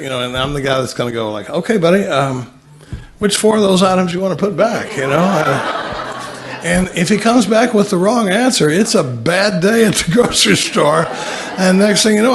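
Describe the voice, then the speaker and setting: A man gives a humorous talk at a recovery meeting. His manner is folksy and self-mocking, full of asides and stories about himself. His voice sits in a middle pitch range. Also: a bit bright.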